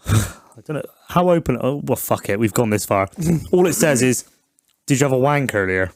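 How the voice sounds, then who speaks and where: A man's voice: medium pitch, lively intonation, normal speed, no room sound, clean studio sound. A man, co-hosting a casual podcast with crude, jokey banter. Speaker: podcast co-host.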